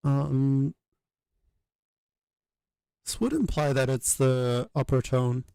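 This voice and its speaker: A man's voice: medium pitch, expressive, slow, creaky, dark tone, clear, resonant tone, dry recording. A man thinking aloud as he works, hesitant, with many fillers and self-corrections. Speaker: channel host working through a reconstruction. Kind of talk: thinking aloud while working.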